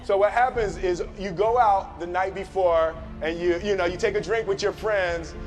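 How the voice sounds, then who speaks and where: A man tells a comic story to a live audience with an animated, laughing delivery. His voice is high for a man. Music plays in the background. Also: normal speed, in a large hall. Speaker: motivational speaker.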